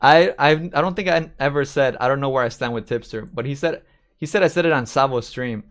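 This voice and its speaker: A man's voice: mid-range voice, fairly quick. Rambling man reacting, faint music. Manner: rambling, animated, repeats himself. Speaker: streamer reacting to a clip of his own call-in. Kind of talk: casual commentary over a replayed clip.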